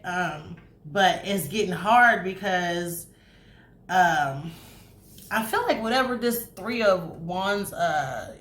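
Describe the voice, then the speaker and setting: Woman, casual tarot reader; low-ish voice, chatty, swears, echoey room with faint hiss. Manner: chatty, animated, swears freely, acts out spirit messages. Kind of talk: casual tarot reading to camera.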